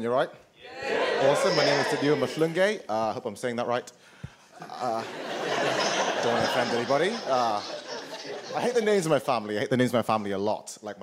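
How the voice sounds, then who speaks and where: A man in his twenties performing a live stand-up set, with a dry, self-deprecating delivery full of "uh" pauses. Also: mid-range voice. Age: 20s. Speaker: stand-up comedian. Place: comedy club stage with live audience. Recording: live club recording, audible noise. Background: audience laughter.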